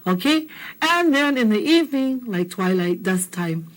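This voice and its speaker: A woman's voice: on the high side, big pitch swings, measured pace, low-quality recording. Encouraging woman teaching. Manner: encouraging, repeats phrases for learners. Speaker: Hawaiian language teacher. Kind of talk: language lesson explanation.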